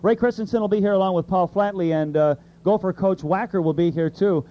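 A man's voice: sits high, brisk, highs cut off. A man hosting and emceeing a live impression contest at a fair in an upbeat, announcing manner. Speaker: radio host and contest emcee. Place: outdoor fair stage.

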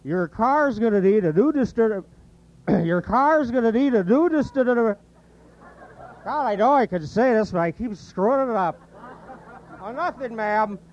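A man doing an impression of an older male sportscaster turned bumbling auto mechanic, clearing his throat and stumbling over words. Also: high voice, lively intonation, a little slow, long pauses, a little mellow, lo-fi sound, voice pushed up.

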